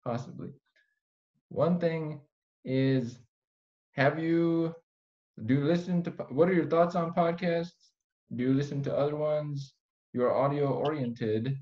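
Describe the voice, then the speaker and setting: A man's voice: fairly high pitch, measured pace, pauses often, dull audio. A man hosting a podcast, chatting casually with a guest and making joking asides. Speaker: podcast host. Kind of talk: casual interview chat.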